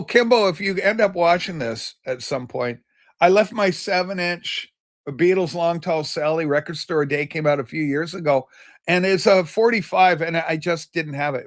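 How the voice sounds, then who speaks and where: A man hosting a casual livestream, rambling as he reads out and answers viewer comments. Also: fairly high pitch. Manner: loose and chatty, with many fillers and restarts. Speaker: livestream host.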